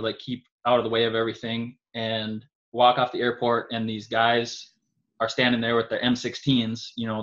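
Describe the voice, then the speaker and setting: Man, from North Dakota, casual interview guest, rambling storyteller, filler words, mid pitch, muffled lo-fi audio. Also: fairly bright tone. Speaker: guest, javelin thrower. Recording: dull lo-fi audio.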